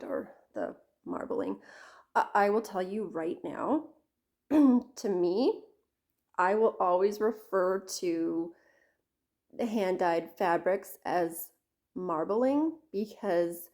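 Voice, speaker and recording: A woman's voice: medium pitch, lively intonation, takes it slowly, darkish tone. Chatty rambling woman vlogger. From Canada. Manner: rambling, chatty, self-interrupting with fillers and asides. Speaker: craft vlogger. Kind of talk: casual chat to camera.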